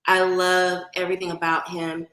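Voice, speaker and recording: A woman's voice: lowish voice, monotone, normal speed, fairly bright tone, roomy sound, low-quality recording. A woman from Oakland with a light Bay Area accent, chatting casually with viewers on a livestream and greeting them by name. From Oakland, California. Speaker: livestream host.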